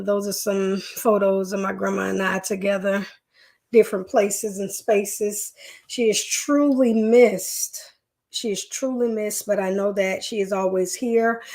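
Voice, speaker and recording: A woman hosting a live stream in a chatty, folksy way, talking straight to her viewers. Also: medium pitch. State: leg pain. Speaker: host. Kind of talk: casual live-stream chat.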